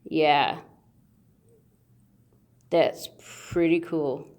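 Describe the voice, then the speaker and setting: Slow-talking playful woman unboxing coins. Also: low-pitched, fairly even intonation, a little mellow, a little hiss or hum. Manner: playful, sings and makes goofy sound effects. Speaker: coin channel host. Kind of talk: casual unboxing video.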